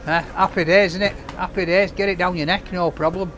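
High-voiced joking man on a street. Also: steady tone, fairly quick, few pauses, fairly bright tone, slight background noise. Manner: jokey, banters with his cameraman. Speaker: takeaway food reviewer. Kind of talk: casual vlog chat to camera. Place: outdoors on a street by a takeaway.

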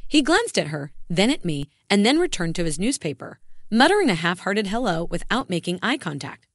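Woman, storyteller, earnest, lively intonation, low voice, dry sound. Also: a little fast, no room sound. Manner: earnest and emotional. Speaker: narrator. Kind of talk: scripted first-person story narration.

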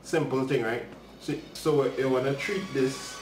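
A man's voice: medium pitch, steady tone, moderate pace, far from the mic, over music. Man teaching maths live, roomy sound. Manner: casual, chatty, talks to viewers while working problems. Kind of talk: live-streamed maths lesson. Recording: roomy livestream audio from off-mic.

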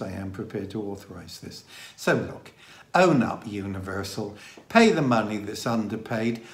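A man with a mild Dorset accent, co-hosting a casual chat in a measured, deliberate way. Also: medium pitch, a little hiss or hum. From England. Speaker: co-host. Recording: roomy echo.

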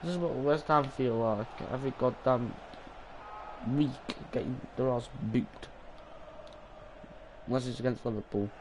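Excitable young man streaming. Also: medium pitch, measured pace, long pauses, noisy background. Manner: excitable, swears and yells at the game. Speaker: gaming streamer. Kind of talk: live gameplay stream commentary.

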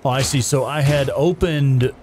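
A man's voice: medium pitch, moderate pace, darkish tone, a little hiss or hum. A man hosting a gaming livestream, chatting casually and laid-back, swearing freely and laughing along with his co-host.

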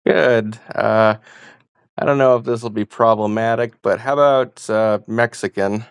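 A woman's voice: extremely low pitch, unhurried, clean tone, no room sound, clean studio sound. A woman testing a voice assistant, giving short, hesitant commands with frequent "uh". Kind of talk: casual spoken requests.

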